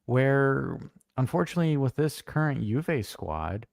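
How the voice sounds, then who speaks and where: A man's voice: medium pitch, unhurried, gravelly, no echo, studio quality. Blunt, swearing man chatting about football. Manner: blunt, swears freely, animated storytelling. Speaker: co-host. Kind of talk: casual live-stream football chat.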